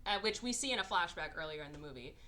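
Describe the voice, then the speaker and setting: A woman co-hosting a podcast, retelling a movie plot in a casual, animated way and acting out the characters' lines. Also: lowish voice, quick pace. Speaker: podcast co-host. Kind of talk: casual movie recap chat.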